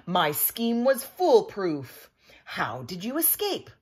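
A woman's voice: mid-range voice, wildly swooping pitch, slow, slightly rough, voice pushed up, full character voice. A woman voicing a pompous, scheming villainous male count in a storybook reading, indignant and blustering.

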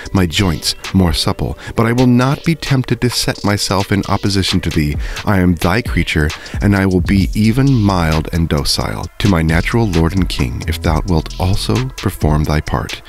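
A man reading aloud as an anguished, eloquent male monster who pleads solemnly with his maker. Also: low voice. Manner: solemn, formal pleading speech. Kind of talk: book reading.

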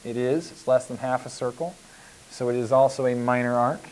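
A man's voice: medium pitch, steady tone, brisk, a little mellow, low-quality recording. A man teaching a geometry lesson as a recorded lecture, patient and repetitive, with frequent fillers as he walks through examples on the board. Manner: patient, repeats himself, frequent "uh" and "okay". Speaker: math teacher.

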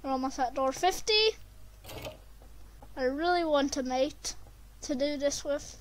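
A woman commentating her gameplay, excitable and prone to screaming when chased. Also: sits high, a little slow, slight background noise. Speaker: gamer.

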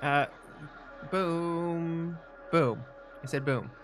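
A man's voice: fairly high pitch, extremely slow, over music. A man co-hosting a game livestream, playful and goofy, repeating jokes and muttering as he sets up. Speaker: livestream co-host. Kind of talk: casual game stream chat.

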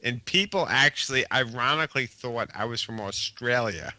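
A man's voice: mid-range voice, moderate pace, bright, forceful tone, dry recording. A man with a New York accent, chatting casually on a live stream and joking around. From Long Island, New York. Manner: joking, talkative.

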